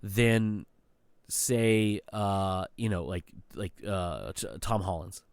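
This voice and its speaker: A man co-hosting a podcast, laying out a movie argument in an animated way and checking for agreement often. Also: on the low side, slow, clean tone, dry recording. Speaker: podcast co-host. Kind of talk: casual movie review chat.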